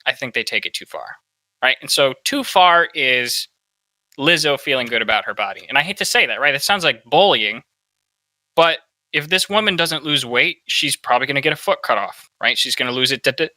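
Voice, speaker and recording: A man's voice: medium pitch, sharp tone, no echo, poor audio. A man hosting a podcast, giving opinionated political commentary and asking "right?" often. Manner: opinionated, peppers talk with "right?". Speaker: podcast host.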